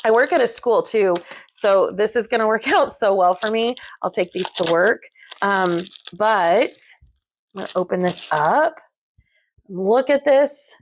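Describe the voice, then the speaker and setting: A woman craft vlogger chatting casually to camera while unboxing, gushing and excitable, with lots of fillers. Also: medium pitch, a little slow, a little hiss or hum.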